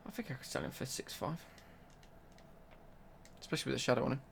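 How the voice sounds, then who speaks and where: A man's voice: mid-range voice, sing-song, quick pace, vocal fry, noisy background. A young man chatting casually on a live stream while he plays, bantering and answering his chat.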